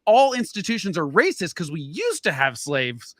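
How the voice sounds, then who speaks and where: A man's voice: sits high, huge pitch swings, moderate pace, fairly bright tone, dry recording. A man co-hosting a political talk show, arguing his point and cutting in on the others. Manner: argumentative, interrupts, talks over others. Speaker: co-host.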